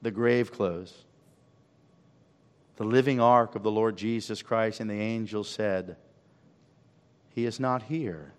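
Slow-preaching pastor in a reverberant hall. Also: male voice, lowish voice, smooth. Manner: preaching with sweeping rises and drops in volume. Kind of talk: sermon. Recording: long reverb of a large hall.

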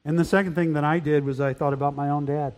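An older man preaching a sermon, earnest, rising to loud emphatic peaks. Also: a little high, steady tone, fast talker. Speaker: pastor. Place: church hall.

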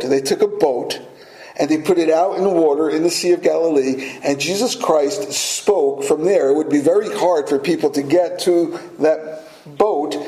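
Pastor, male, a touch high-pitched and mellow, storytelling sermon with light laughs, echoey room. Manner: storytelling, with small laughs and restarts.

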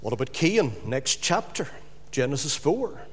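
A man preaching a sermon dramatically, swinging between loud emphasis and hushed drops. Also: mid-range voice, sing-song, unhurried, husky, long reverb tail.

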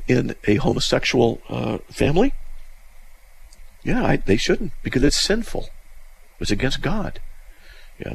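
A male radio host reading listener mail aloud and mocking it in a sarcastic, animated way. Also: gravelly, husky. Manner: sarcastic, mocking, animated with sudden pitch jumps.

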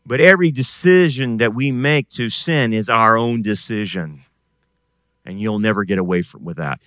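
A man, a pastor, preaching a sermon and swinging between loud emphatic bursts and quiet, intense passages. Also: fairly low pitch, moderate pace, dry recording.

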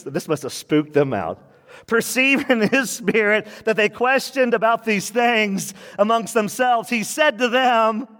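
A man preaching a sermon to his church, animated, acting out quoted voices and laughing often. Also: sits high, long reverb tail. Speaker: pastor.

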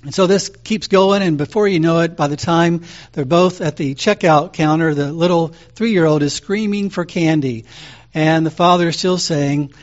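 A man preaching as pastor, calm and conversational, telling stories with frequent fillers. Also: fairly high pitch, moderate pace, highs cut off. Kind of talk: sermon.

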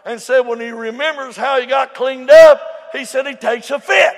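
A man, preaching a folksy storytelling sermon, swinging between shouts and low murmurs. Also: steady tone, unhurried. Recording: long hall reverb.

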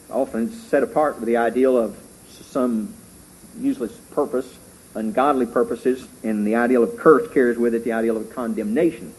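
A middle-aged man preaching a sermon as pastor, fervent and rising loud when he reads scripture. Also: mid-range voice, slightly rough, low-quality recording.

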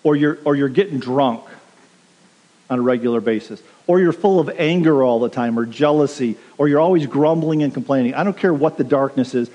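A man's voice: medium pitch, fairly quick, mellow, dull audio. A pastor preaching a sermon, earnest and direct, urging his listeners plainly. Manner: earnest, direct exhortation with quoted asides. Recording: long reverb of a large hall.

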